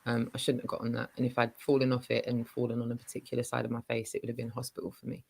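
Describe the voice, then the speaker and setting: A woman hosting a casual livestream chat, giving shout-outs and telling stories with lots of fillers. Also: rumbling low, completely flat delivery, racing, gravelly, husky, dry recording, poor audio. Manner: chatty, warm shout-outs, many fillers. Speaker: livestream host.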